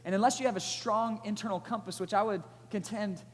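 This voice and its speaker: Animated man preaching in a reverberant hall. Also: sits high, a little fast. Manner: animated storytelling, energetic, rising loud at climaxes. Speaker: pastor. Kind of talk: sermon with personal story. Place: church auditorium.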